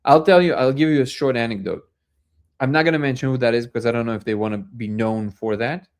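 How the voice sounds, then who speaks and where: Speaking quickly in a middle-pitched voice, a male host leads a casual live chat. He meanders through anecdotes, often restarting and padding with fillers.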